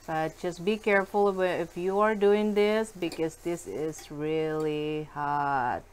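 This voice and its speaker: A woman cooking at home and chatting to her viewers, giggly and excitable. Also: low-pitched, takes it slowly, few pauses, smooth. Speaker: cooking vlogger. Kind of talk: casual cooking chat to viewers. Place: home kitchen.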